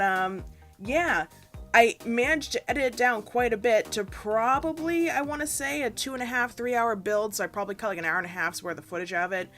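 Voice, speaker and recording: A young woman chatting casually over a game speed build, rambling and self-deprecating, with sudden playful asides. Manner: rambling, self-deprecating, bursts into squeaky silly voices. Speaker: gaming YouTuber. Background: soft background music.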